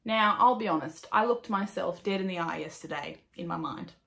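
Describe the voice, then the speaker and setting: A chatty Australian woman hosts a knitting podcast in a relaxed, casual way. She swears freely, pokes fun at herself and laughs often. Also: on the low side, moderate pace, vocal fry. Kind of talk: casual chat.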